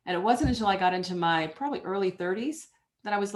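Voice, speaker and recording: Middle-aged woman, guest author, emphatic, energetic, interview answers. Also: mid-range voice, fast talker.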